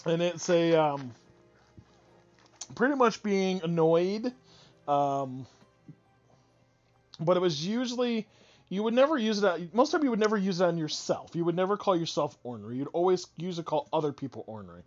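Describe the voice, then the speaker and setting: A woman's voice: fairly low pitch, lively intonation, moderate pace, pauses often, a little mellow, dull audio, soft background music. A woman streaming a game, chatting casually with viewers in a playful, talkative way with frequent restarts. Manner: chatty, playful, answers chat, hesitant restarts. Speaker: streamer reading game dialogue. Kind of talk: casual live-stream chat and voiced dialogue reading.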